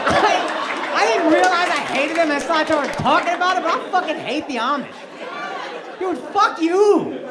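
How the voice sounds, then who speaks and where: A male stand-up comedian doing crowd work on a club stage, brash and profane as he mocks people in the audience. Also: very high voice. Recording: loud crowd laughter, noisy live club.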